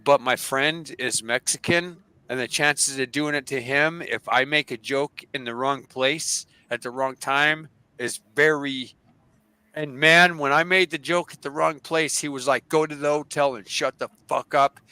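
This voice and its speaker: An American man casually telling a rambling, profane story on a livestream, animated and full of restarts. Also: mid-range voice, measured pace, clean tone, no room sound, poor audio. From United States.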